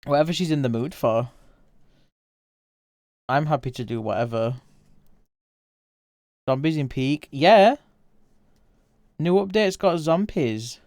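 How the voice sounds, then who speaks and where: A man's voice: on the high side, slow, pauses often, a little mellow, no echo, studio quality. A man chatting casually with viewers on a livestream while he draws, in an easygoing, rambling way.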